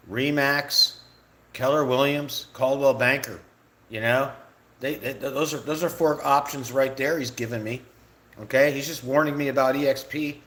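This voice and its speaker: A man's voice: mid-range voice, a bit bright. A middle-aged man on a live stream, ranting with lots of repetition and swearing. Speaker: livestreamer ranting about realtors.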